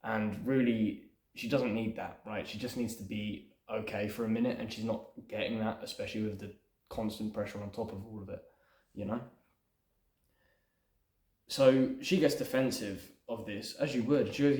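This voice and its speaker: A man with a fairly low voice casually talks through his own screenplay scene by scene. His delivery is loose and rambling, padded with "sort of" and "you know". The sound is roomy, with a clear echo around him. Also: steady tone, moderate pace, darkish tone. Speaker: screenwriter and channel host. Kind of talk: casual script breakdown to camera.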